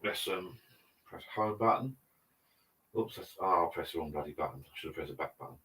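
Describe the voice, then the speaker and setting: Older man with a low voice, chatty livestream host who rambles casually from his home bar. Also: fairly quick, bright, forceful tone, slight background noise. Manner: chatty, rambling, reads viewer comments aloud. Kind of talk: casual live chat.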